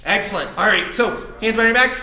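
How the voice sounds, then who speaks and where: A man teaching a live online karate class, coaching upbeat and counting moves with shouted kiai. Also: sits high, quick pace. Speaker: karate instructor. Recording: echoey room, voice far from the mic.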